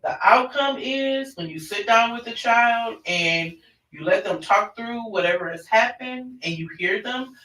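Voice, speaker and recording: A man's voice: extremely high pitch, measured pace, sharp tone. A man presenting an online parenting class in a conversational way, often restarting his sentences. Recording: roomy, distant mic.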